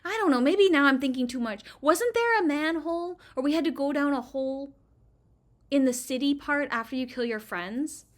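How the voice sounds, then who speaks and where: This gaming channel host, a woman with a high voice speaking at normal speed, offers meandering let's play chatter loaded with fillers. Her delivery veers between loud outbursts and quiet mumbling.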